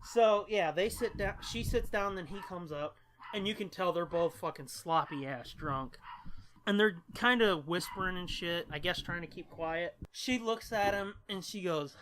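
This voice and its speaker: Male podcast co-host, bright edge, loose profane storyteller. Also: high voice, measured pace, a little hiss or hum. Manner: profane, rambling anecdote telling with laughs. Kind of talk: casual storytelling.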